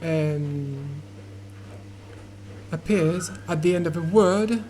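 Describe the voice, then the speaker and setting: A man gives an English pronunciation lesson, often hesitating with fillers and restarts and repeating words slowly to model how they sound. His voice is a little high with a warm tone. The low-quality recording has a bit of hiss or hum.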